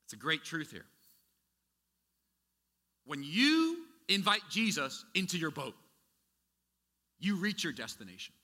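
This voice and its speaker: A man's voice: fairly high pitch, very animated, a little slow, long pauses, sharp tone, long reverb tail. A man preaching a sermon as a pastor, talking conversationally with rhetorical questions and frequent restarts.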